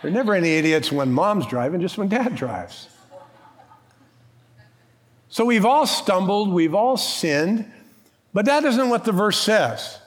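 A man's voice: high-pitched, big pitch swings, unhurried, pauses often. A man who is a pastor, preaching a sermon in a church with an emphatic, conversational style, rhetorical questions and bits of humor.

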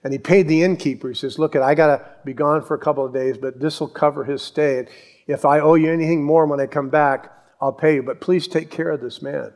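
A man preaching a sermon, telling Bible stories with animated acted-out voices. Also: fairly high pitch, brisk. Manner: animated storytelling, acts out voices and yells. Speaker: pastor.

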